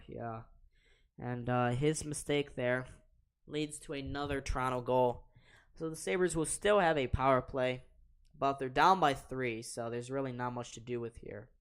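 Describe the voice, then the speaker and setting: A man's voice: mid-range voice, unhurried, smooth. A young man in his late teens hosting a live reaction stream, calling hockey play-by-play in an exasperated, ranting way and repeating himself. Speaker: livestream host.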